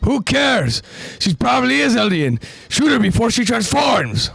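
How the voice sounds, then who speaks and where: A man voicing a hostile, distrustful male soldier who talks in a gruff, harsh, suspicious way. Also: a little high, slow, no room sound, voice pushed up, exaggerated voice.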